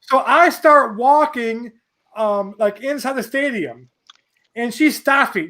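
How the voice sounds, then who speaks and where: A man in his forties from New York, a podcast guest telling a rambling, animated anecdote full of restarts. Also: extremely high pitch, slow. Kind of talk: casual storytelling.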